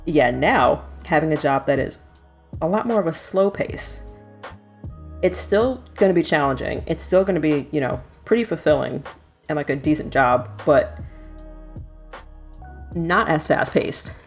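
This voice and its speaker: A woman's voice: sits low, lively intonation, unhurried, pauses often, soft background music. A woman in her thirties, a streamer chatting casually and laughing often while doing her nails. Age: 30s.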